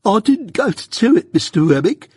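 A man reading an audiobook, voicing a snivelling male petty criminal who pleads in a high, strained whine. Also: sing-song, moderate pace, mellow, slightly rough, no echo, studio quality, full character voice. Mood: pleading.

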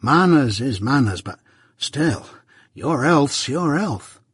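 Storybook role: male reader doing a gentle slow-talking blacksmith, husky, dry. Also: medium pitch, lively intonation, no room sound, pitched above the performer's own voice, exaggerated voice. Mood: earnest worry. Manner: slow, solemn, confidential. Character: gentle simple-hearted grown blacksmith, a man.

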